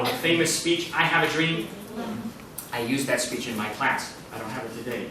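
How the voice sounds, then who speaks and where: Casting: lively male lecturer, higher voice, taken from afar in a very reverberant hall. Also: far from the mic, a little hiss or hum. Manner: animated, demonstrates voice changes, chuckles often. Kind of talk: public-speaking workshop lecture.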